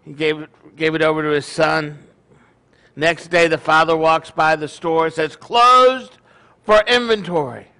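A man's voice: on the high side, monotone, unhurried, pushed and bright, clear, resonant tone. A middle-aged man leading his congregation with a folksy, joking sermon, often poking fun at himself. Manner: folksy, joking, self-deprecating. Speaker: congregation leader.

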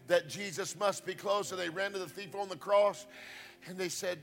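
A man preaching a sermon to a congregation, rising into chanted, shouted preaching. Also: sits high, fairly even intonation, moderate pace, vocal fry, faint music behind.

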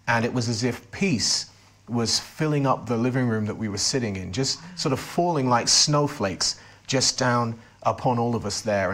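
A man's voice: medium pitch, a bit bright. A man being interviewed, earnestly recounting a personal testimony and often restarting his sentences. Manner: earnest storytelling with frequent restarts. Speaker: interview guest.

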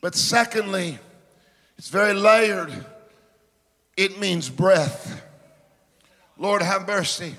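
A man, preaching a sermon, swinging from shouts to hushed asides. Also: high-pitched, takes it slowly, long pauses. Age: 50s. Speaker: pastor. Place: large church sanctuary. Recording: reverberant church hall.

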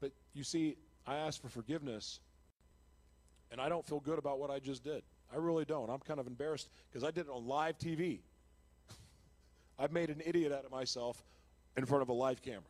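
A man's voice: medium pitch, fairly quick, no echo. Earnest man giving a Christian testimony. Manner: earnest and confessional, with restarts and self-deprecating laughs; grows loud and impassioned when retelling his conversion. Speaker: speaker giving a testimony on live TV. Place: television studio.

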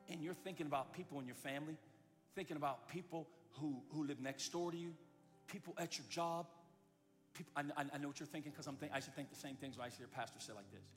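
A male pastor preaching in a church sanctuary, telling a story with acted-out voices and moving from loud to hushed. His voice sits slightly high for a man and rings with long hall reverb, with faint music underneath. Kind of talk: sermon.

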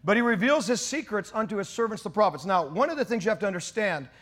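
A man delivering a fiery sermon in a high, bright voice. He preaches with passion, pushing up into ringing shouts at the peaks. The delivery is loud and emphatic. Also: lively intonation, quick pace. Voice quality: mock British voice for God's words. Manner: impassioned preaching, rising to shouts. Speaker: pastor.

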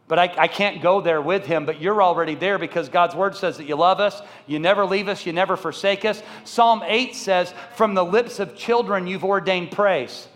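A man in his forties preaches from the pulpit and tells a story in an earnest way, sinking soft and low when it turns emotional. His voice sits high for a man. The sound carries a long reverb from a large hall. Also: a little fast. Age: 40s. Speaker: pastor. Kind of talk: sermon storytelling.

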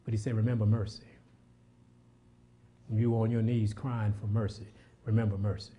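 A man preaching a sermon, moving between loud, fervent exhortation and quiet, prayerful passages, repeating words as he builds up. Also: lowish voice, flat delivery, normal speed, slight background noise. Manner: repeats words when worked up.

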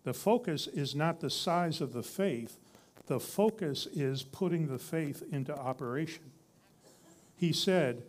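A man's voice: on the high side, lively intonation, a little slow. A man preaching a sermon in a conversational teaching style, reading scripture and building to emphatic repeated lines.

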